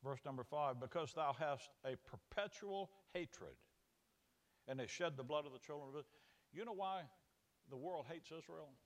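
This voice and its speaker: A man preaching an expository Bible sermon, animated, often repeating words and acting out God's voice in folksy paraphrase. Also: a little high, normal speed.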